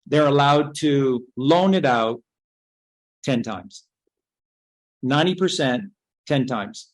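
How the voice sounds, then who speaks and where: A woman's voice: deep voice, rough recording. Woman speaker, rambling lecture, emphatic with rhetorical questions, swears freely. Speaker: speaker giving a talk.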